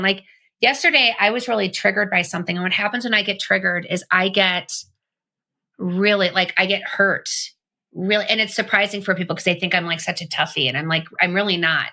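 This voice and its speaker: A woman hosting a podcast chats casually in a bright, forward voice. She rambles and reflects aloud, circling back with lots of fillers. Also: medium pitch, a little fast. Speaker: podcast host. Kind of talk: casual conversation.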